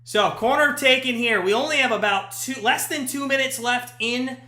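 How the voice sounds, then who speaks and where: A man hosting a live watch-party stream, giving chatty play-by-play that jumps to shouts at big chances. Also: very high-pitched, moderate pace. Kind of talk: casual watch-party commentary. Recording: echoey room.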